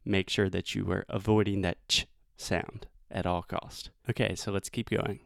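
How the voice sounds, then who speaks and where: A man with a Southern US accent, an English teacher giving pronunciation feedback and slowly modelling the sounds. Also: low voice, little pitch movement, gravelly, fairly bright tone, dry recording.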